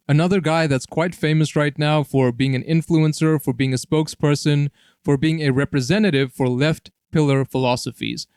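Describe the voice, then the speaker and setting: Slightly high, a little mellow and clean in tone, this man's voice comes through a dry recording with clean studio sound. Hosting a solo political commentary video, he explains in long, repetitive lists and often asks "all right?".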